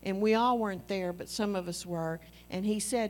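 A woman's voice: mid-range voice, moderate pace, hardly any pauses. A woman, preaching a sermon in an earnest, conversational way and telling personal stories.

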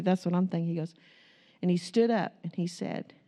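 A woman's voice: fairly low pitch, fairly quick, warm tone. A middle-aged woman giving a sermon-style testimony to a congregation, chatty and candid, telling stories about her family. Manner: storytelling, chatty and candid, acts out quotes. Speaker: pastor's wife speaking to a congregation.

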